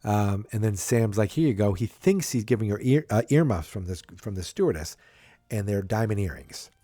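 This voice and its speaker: Rambling low-voiced man recapping casually. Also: animated, a little fast, mellow, no echo, studio quality. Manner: rambling, frequent restarts and fillers. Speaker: podcast host.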